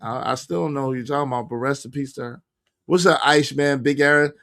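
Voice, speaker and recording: A man hosting a casual livestream, talking loosely and jokingly, his voice going hoarse as he loses it. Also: quick pace. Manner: animated, joking, shifts between low mumbles and loud bursts. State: losing his voice. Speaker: livestream host.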